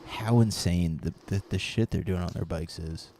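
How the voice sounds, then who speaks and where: Low gravelly-voiced man streaming a game. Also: moderate pace, mellow, slight background noise. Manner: rambling, hesitant, reads chat aloud. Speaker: streamer playing a BMX game. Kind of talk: casual live-stream chat with viewers.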